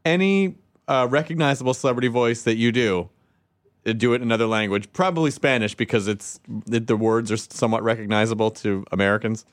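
A man's voice: medium pitch, brisk. A man, a comedian, trading dry, teasing banter in a casual chat.

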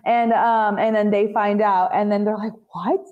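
A woman co-hosting a podcast in casual chat, laughing often and quoting characters with animated delivery. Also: mid-range voice, normal speed, muffled recording. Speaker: podcast co-host.

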